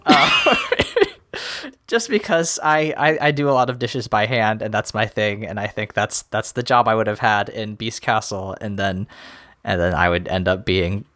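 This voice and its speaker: A young man co-hosting a podcast in casual chat, animated and laughing, slipping into silly voices when he quotes characters. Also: lowish voice, unhurried. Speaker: podcast co-host.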